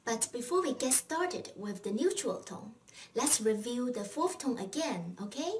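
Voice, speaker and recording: A woman teaching a scripted Chinese language lesson, speaking patiently and encouragingly, pausing for learners to answer. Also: a little high, lively intonation, far from the mic, a little hiss or hum.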